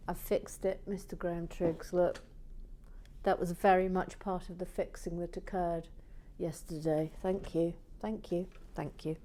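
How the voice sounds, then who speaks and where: Brick-build channel host: a woman with a lowish voice, slow and theatrical, teasing her viewers. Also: steady tone. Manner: playful, sassy and theatrical, with hushed asides. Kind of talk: casual chat reading viewer messages.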